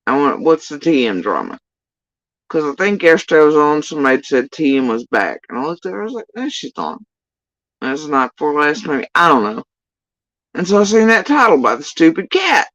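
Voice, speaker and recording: A woman's voice: deep voice, sing-song, brisk, fairly bright tone, no room sound, poor audio. Profane, ranting woman with a swinging voice. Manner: profane, sarcastic, exasperated ranting. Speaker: YouTube drama commentator. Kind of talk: casual ranting livestream commentary.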